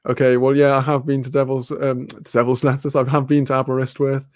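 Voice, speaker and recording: A man from Wales with a Welsh accent, hosting a livestream and chatting casually through viewer comments, relaxed, laughing and swearing freely. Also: mid-range voice, fairly quick, no room sound. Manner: laid-back, swears freely, laughs often. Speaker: livestream host.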